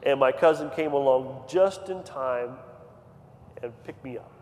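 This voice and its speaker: A man preaching a sermon in a church, moving from quiet storytelling to fervent, near-shouted appeals. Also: mid-range voice, unhurried, slight background noise. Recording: long hall reverb, faint ambience.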